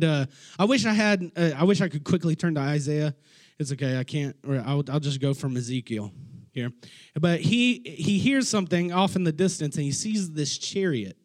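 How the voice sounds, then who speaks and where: A male preacher tells Bible stories in a loose, conversational sermon. He is enthusiastic and slangy, often restarting his sentences. His voice sits fairly high for a man. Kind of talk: casual storytelling sermon.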